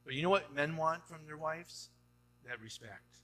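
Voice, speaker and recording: A man's voice: a little high, normal speed, bright, forceful tone, a little hiss or hum. A man preaching a sermon as pastor, talking to the congregation in a conversational way and often tossing in "right?" before building to emphatic urging. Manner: rising to emphatic exhortation.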